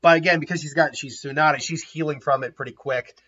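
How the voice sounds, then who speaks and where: A man's voice: a little high, fairly even intonation, fairly quick, sharp tone, husky. A man casually retelling a story, rambling, laughing often and restarting his sentences. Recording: dull lo-fi recording.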